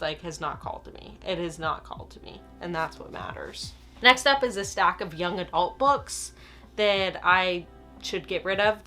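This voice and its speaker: A woman's voice: mid-range voice, a bit bright. A young woman chatting casually about her books from home, chatty and self-deprecating, often trailing off and restarting mid-word. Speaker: booktuber. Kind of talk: casual chat.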